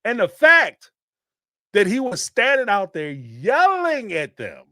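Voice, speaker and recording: A man, hosting a podcast and ranting in an animated, emphatic way, with some swearing and repeated phrases. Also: sits high, slow pace, no room sound, studio quality. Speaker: podcast host. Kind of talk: casual commentary rant.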